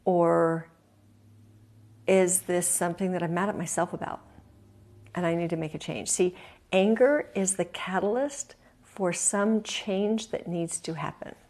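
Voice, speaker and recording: A woman's voice: fairly low pitch, steady tone, a little slow, darkish tone. A woman hosting a talk, telling a personal story in an earnest, confiding way with emphatic repetitions. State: emotional, near tears at times. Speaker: host.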